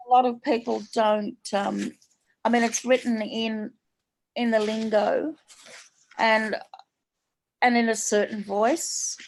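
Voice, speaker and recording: Australian woman author, slightly high voice, unhurried story reading. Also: fairly even intonation, slight background noise. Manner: unhurried, plain storytelling in slang. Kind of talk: reading her short story aloud.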